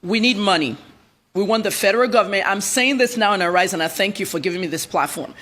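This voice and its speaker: A woman journalist speaks as a guest on a news broadcast. She is blunt and emphatic and piles up points rapidly. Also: mid-range voice, fairly bright tone. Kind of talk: TV news interview answers.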